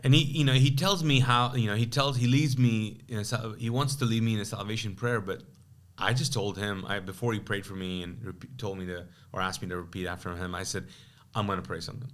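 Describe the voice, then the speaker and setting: A man's voice: fairly low pitch, fairly quick, hardly any pauses. A pastor from Kuwait telling his personal testimony as a podcast guest, acting out the voices of both people in an old conversation. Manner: animated, acts out quoted dialogue with many asides.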